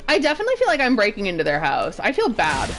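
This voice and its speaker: A woman's voice: mid-range voice, huge pitch swings, fast, fairly bright tone, faint music behind. A woman in her thirties chatting casually while streaming a game, giggly and playfully swearing. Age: 30s. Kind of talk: casual gameplay commentary.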